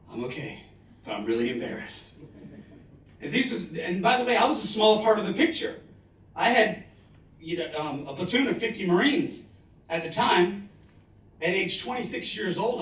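A man in his forties giving a live motivational talk, telling stories dramatically with bursts of loud emphasis. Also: sits high. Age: 40s. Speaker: motivational speaker. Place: large lecture hall. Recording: roomy hall, distant mic.

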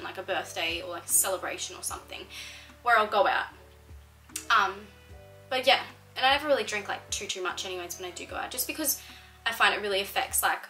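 A woman's voice: mid-range voice, sharp tone, rough recording. A young Australian woman answering viewer questions in a casual vlog, chatty and full of "like". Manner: chatty, fills speech with "like". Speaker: fitness content creator.

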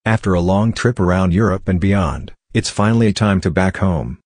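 A man hosting a results show, announcing in a measured, formal scripted way. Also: low voice, a little mellow, a little hiss or hum. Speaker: show host.

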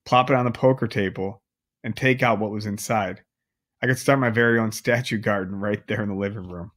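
A man's voice: fairly low pitch, fairly even intonation, a little fast, fairly bright tone. A man reading a novel aloud, adding casual chatty asides to his listeners. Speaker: audiobook reader.

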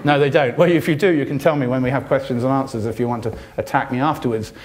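In a university hall, an older journalist from Britain gives an impassioned, sardonic lecture with a British accent. His delivery is fast with fairly even intonation, though his pitch swings widely when he drives a point home.

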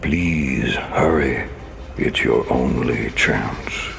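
An actor voicing a trapped merman from Atlantis who pleads slowly and urgently for help, in a video game. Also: fairly bright tone, soft background music, exaggerated voice. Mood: pleading. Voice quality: deep gravelly.

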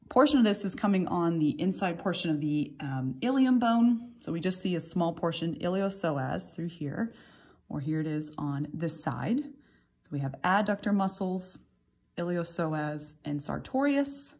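A woman's voice: fairly low pitch, expressive, normal speed, a little mellow, slightly rough. A middle-aged woman anatomy instructor giving a recorded lab lesson, explaining patiently while turning a model.

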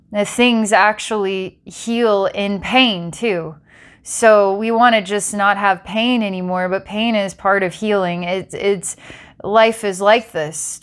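A woman doing a psychic reading for a client, rambling and breaking into giggles between intense passages. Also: medium pitch. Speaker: psychic reader.

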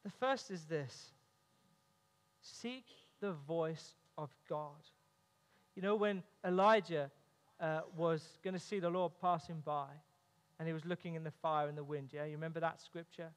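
A man with a high voice delivers an earnest sermon and mixes in humorous stories from home. His words ring out under the long reverb of a church hall. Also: a little slow. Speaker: pastor. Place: church sanctuary.

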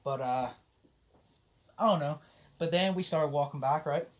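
A young man with a slightly high voice tells a story in casual podcast chat. He acts out every back-and-forth line of dialogue with plenty of energy. He swears freely and laughs as he talks. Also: a little slow. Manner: animated retelling, acts out the dialogue. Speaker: podcast host.

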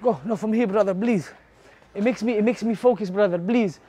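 A man's voice: high voice, brisk, warm tone, a little hiss or hum. Casting: man, melodramatic prankster, begging and pleading. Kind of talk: prank video in public.

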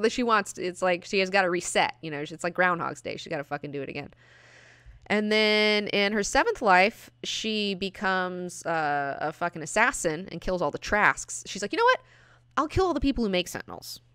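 Animated swearing woman reviewing comics. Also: medium pitch, clear, resonant tone, no echo, studio quality. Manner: animated, acts out characters in quick bits. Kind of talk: casual enthusiastic review, heavy swearing.

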